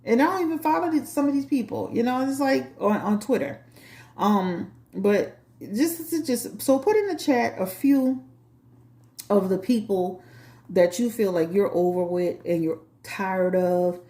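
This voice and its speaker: A woman's voice: mid-range voice, measured pace, dark tone, reverberant. A woman with a New Orleans accent, a tarot reader hosting her channel, chatting bluntly and sassily to a live chat. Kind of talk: casual talk to a live chat.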